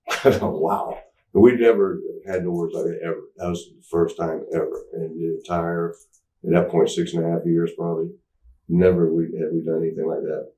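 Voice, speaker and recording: Guy with a real low mellow voice rambling through old stories, lots of ums, kinda roomy and off-mic. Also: little pitch movement. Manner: rambling, halting, many fillers and restarts. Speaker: interview guest, former pro wrestler. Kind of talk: candid anecdotal storytelling. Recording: roomy sound, mic at a distance.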